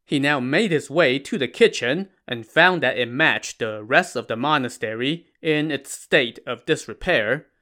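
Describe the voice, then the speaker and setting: A man narrating a retelling of a classic novel in a measured way, with wry asides. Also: medium pitch, bright, forceful tone. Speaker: storyteller.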